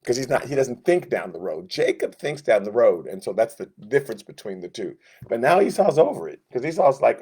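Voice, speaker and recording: Guy teaching sunday school bible class, mid-pitched voice that jumps around a lot, cracks little jokes, acts out the characters. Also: fairly quick, husky. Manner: animated storyteller acting out quotes in character voices; casual, joking asides. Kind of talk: Bible lesson.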